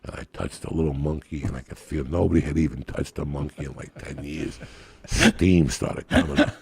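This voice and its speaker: A man telling crude, profane comic stories on a podcast in a rambling, raucous way, with a gravelly, raspy voice. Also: a bass voice, normal speed, a little mellow. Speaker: podcast guest.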